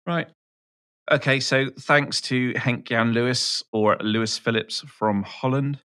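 A man's voice: mid-range voice, fairly even intonation, measured pace, fairly bright tone. A man co-hosting a casual podcast, teasing and joking. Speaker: podcast co-host.

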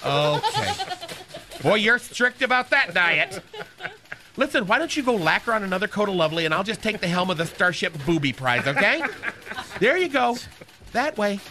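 A man's voice: high voice, very animated, normal speed, sharp tone, full character voice. A man playing a flamboyant, catty male receptionist in a radio comedy sketch, chattering campily into the phone. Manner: campy, gossipy, one-sided phone chatter.

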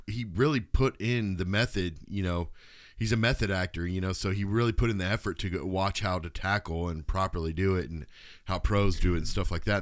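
Low-voiced man rambling about movies. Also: no room sound, studio quality. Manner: rambling, repeats "you know", restarts often. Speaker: podcast co-host. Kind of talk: casual movie discussion.

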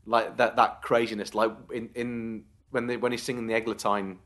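A man's voice: medium pitch, little pitch movement, moderate pace, a bit bright. Man co-host, casual chatty review, rambling restarts. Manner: rambling, restarts mid-thought. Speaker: podcast co-host.

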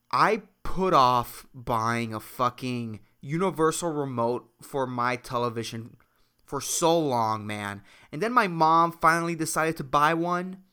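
Speaking in a smooth, bright, forceful mid-range voice, this Puerto Rican man runs a comedy podcast by himself. His talk wanders and is full of swearing, shifting from heated rants to muttered asides.

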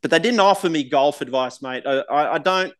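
A man's voice: on the high side, brisk. A man in his forties with an Australian accent, telling candid, laughing stories as a guest on a casual podcast. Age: 40s. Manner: laughing, candid, swears freely. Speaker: guest, golf pro.

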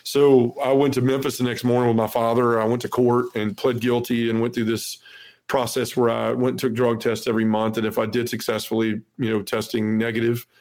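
A man in his forties, appearing as a podcast guest, earnestly shares his personal testimony, peppered with "you know," and acts out the lines of the people involved. He speaks a little fast at a medium pitch, slightly mellow, with little pitch movement.

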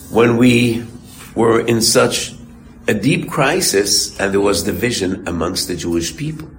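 Deep-voiced rabbi preaching in a roomy hall. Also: male voice, a little hiss or hum. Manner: storytelling, quotes a source then translates; emphatic, rhetorical questions. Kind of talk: sermon of encouragement.

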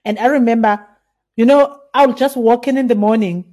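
A middle-aged South African winemaker in a casual interview, telling stories and acting out remembered conversations with laughter. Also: female voice, fairly high pitch, a little fast. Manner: animated, acts out remembered dialogue with laughs. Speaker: winemaker, guest.

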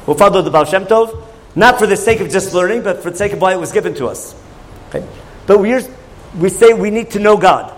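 A man teaching a Torah class with a notably high voice. He talks conversationally, throwing questions back at his listeners as he goes. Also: lively intonation, fairly quick, poor audio. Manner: questioning, conversational, asks the audience.

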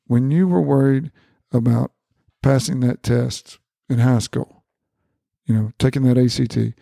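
A middle-aged man with a gravelly, mellow voice tells a personal story in an earnest, conversational way. He stumbles and repeats words, then lifts his pitch to act out quoted lines. The recording is dry and close. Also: normal speed, no room sound. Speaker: guest, family doctor.

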